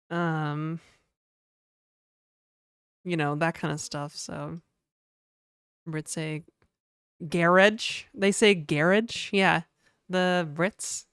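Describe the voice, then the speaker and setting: Canadian woman streamer, lightly accented, smooth and dry, chatty and joking. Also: lowish voice, fairly bright tone, no room sound. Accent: mild Canadian. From Canada (New Brunswick). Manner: chatty, joking, answers chat aloud. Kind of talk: casual live-stream chat.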